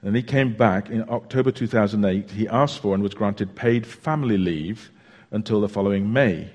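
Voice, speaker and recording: Low-voiced preacher in a reverberant church. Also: male voice, a little mellow, breathy edge, muffled recording. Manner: chatty, unhurried storytelling with hesitations. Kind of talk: sermon with a joke. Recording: long reverb of a church hall.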